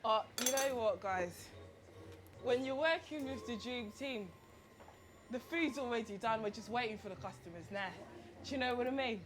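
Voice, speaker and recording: A woman's voice: on the high side, moderate pace, background noise. A woman on a cooking show, bantering cheekily and playfully. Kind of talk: lively reality-show banter. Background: music.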